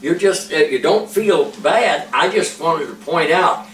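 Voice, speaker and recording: Slow, patient preacher teaching ventriloquism. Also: male voice, fairly high pitch, expressive. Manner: slow, patient, drawn-out demonstrations. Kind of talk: informal one-on-one lesson. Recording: echoey room, mic far off.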